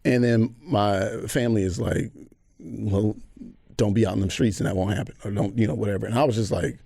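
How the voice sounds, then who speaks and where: A man from Atlanta, a podcast guest telling a story with animated energy and acted-out quotes. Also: on the low side, brisk, creaky, no room sound, studio quality. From Atlanta, USA. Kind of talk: casual conversation.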